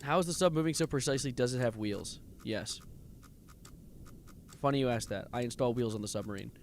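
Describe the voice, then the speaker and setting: A man's voice: medium pitch, a little fast, slight background noise. A man streaming a game live, nervously muttering coordinates, reading chat and breaking into sudden exclamations. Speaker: livestreamer playing a game.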